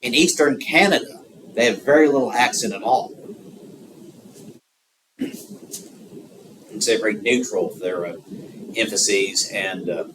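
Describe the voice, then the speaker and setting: Southern guy rambling through a geography lecture, lowish voice, mic kinda far off, hiss in the background. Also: fairly bright tone. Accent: Southern American. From American South. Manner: rambling, many filler pauses. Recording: distant mic with noticeable background noise.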